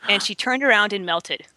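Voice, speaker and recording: A woman's voice: mid-range voice, bright, forceful tone, dry recording. A woman reading a story aloud to a podcast panel in a playful, mock-spooky way. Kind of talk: comic group chat, dramatic reading.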